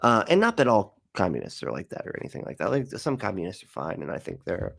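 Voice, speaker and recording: Man, gravelly voice, slightly low, sarcastic, profane, casual commentary host. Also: wildly swooping pitch, fast talker. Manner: sarcastic, profane, laughs often.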